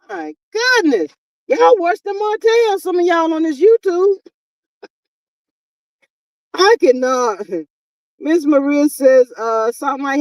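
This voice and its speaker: A woman's voice: sits high, animated, darkish tone, no echo. Exasperated woman streamer, dry and distant. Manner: exasperated, talkative, drawn-out exclamations. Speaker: YouTube commentary host. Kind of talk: casual live-stream commentary.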